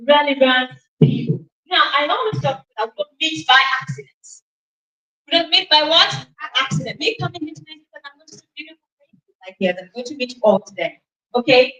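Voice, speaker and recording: A woman hosting a conference event, giving a lively motivational talk and calling out questions for the audience to answer. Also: sits high, distant mic. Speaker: event host. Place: conference auditorium. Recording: echoey hall, from off the mic.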